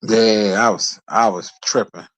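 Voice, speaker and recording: A man's voice: unhurried, no room sound. Profane Philadelphia man telling stories. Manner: profane, laughing storyteller, lively bursts of pitch. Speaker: podcast host. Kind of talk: casual storytelling.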